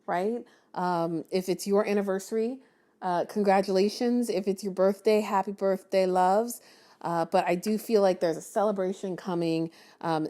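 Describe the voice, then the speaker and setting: Gravelly low-voiced woman reading tarot. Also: mellow. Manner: chatty, encouraging, many ums and restarts. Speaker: tarot reader.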